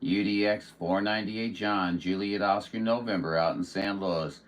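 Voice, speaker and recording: A man chatting on CB radio as the host of a livestream, friendly, with drawn-out radio sign-offs, speaking from indoors at home. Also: lowish voice, fairly even intonation. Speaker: CB radio operator hosting a livestream. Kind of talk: casual CB radio chat.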